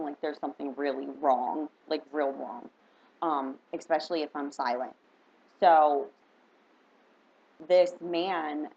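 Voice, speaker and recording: Low-voiced woman telling a rambling story. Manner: rambling, emotional, heavy use of "like". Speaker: spiritual reader vlogger. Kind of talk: casual storytelling to camera. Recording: dull lo-fi with faint background noise.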